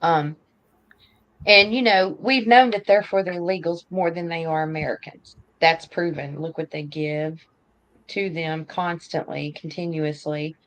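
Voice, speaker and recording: A woman's voice: sits low, steady tone, measured pace, rough recording. A woman co-hosting a casual political chat, blunt and opinionated, drawing out her phrases. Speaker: podcast co-host.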